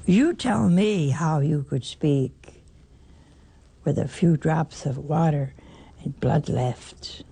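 Gravelly-voiced older woman preaching slowly. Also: low voice, dark tone. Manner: emphatic, rhetorical questions, repeats phrases. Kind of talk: sermon.

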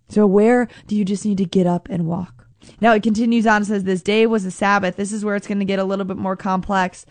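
A woman's voice: mid-range voice, fairly even intonation, fast, no echo. A woman preaching a casual sermon, reading scripture and then explaining it informally, calling her listeners friends.

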